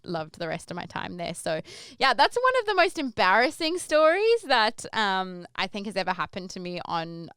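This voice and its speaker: A woman's voice: mid-range voice, clear, resonant tone, no echo, studio quality. Chatty woman telling a story. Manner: animated, acts out quoted voices. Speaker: podcast host. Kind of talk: casual storytelling.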